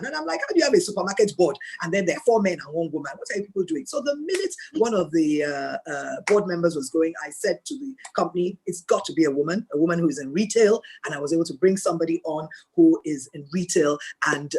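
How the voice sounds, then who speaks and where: A Nigerian woman speaking as a guest on a mentoring video call, telling lively stories and acting out the dialogue. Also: fairly low pitch, slightly rough. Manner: animated storytelling, acts out dialogue. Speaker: guest speaker and board chair.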